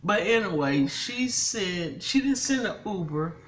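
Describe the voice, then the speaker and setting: A woman's voice: medium pitch, animated, unhurried, a little hiss or hum, low-quality recording. An older woman, a grandmother, telling an upsetting story in casual chat, tearful and angry by turns. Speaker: vlogger.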